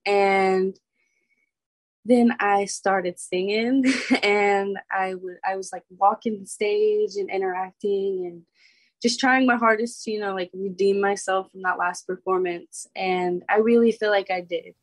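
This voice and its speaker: A bubbly teenage woman from Oklahoma chats in a giggly, rambling way, her sentences packed with "like" fillers. Her voice sits at an ordinary middle pitch. The sound is dry and close, with no room around it. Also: fairly even intonation, measured pace, no echo. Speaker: former contestant, guest. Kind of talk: casual interview chat.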